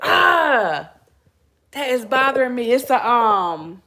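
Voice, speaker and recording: A woman's voice: a little high, sing-song, takes it slowly, sharp tone. A middle-aged woman, telling casual stories to her listeners and laughing often as she talks. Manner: chatty, laughing, addresses listeners as y'all. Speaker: podcast host. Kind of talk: casual storytelling to viewers.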